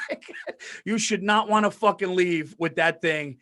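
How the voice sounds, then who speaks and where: A man co-hosting a podcast and telling a story in casual talk, animated and profane, swearing oaths and acting out the people in it. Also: sits high, brisk. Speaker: podcast co-host.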